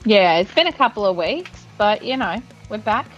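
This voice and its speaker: A woman's voice: medium pitch, animated, moderate pace, highs cut off, soft background music. A woman with an Australian accent co-hosting a podcast, in brash, swearing casual banter. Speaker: podcast co-host. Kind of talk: casual chat.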